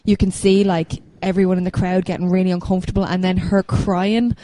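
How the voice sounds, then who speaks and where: A woman's voice: lowish voice, little pitch movement, a little fast, dark tone, no echo, poor audio. A woman, a podcast co-host, talking casually and earnestly. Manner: earnest, emotional retelling. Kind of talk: casual chat.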